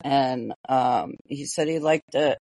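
A woman's voice: extremely low pitch, slow pace, mellow, no echo. A woman on a comedy podcast chatting in a bubbly way, with lots of ums. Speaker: podcast co-host. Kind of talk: casual podcast chat.

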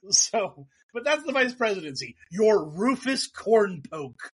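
A man with a fairly high, breathy-edged voice hosts a casual political podcast. He talks in an animated, profane, sarcastic way and keeps slipping into mocking voices for the people he describes. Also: measured pace. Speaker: podcast host.

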